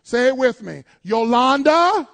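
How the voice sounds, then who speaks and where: A man preaching with a very high, gravelly voice. He talks straight to his congregation, swinging between loud, shouted declarations and quiet, hushed asides. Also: expressive, moderate pace. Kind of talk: sermon.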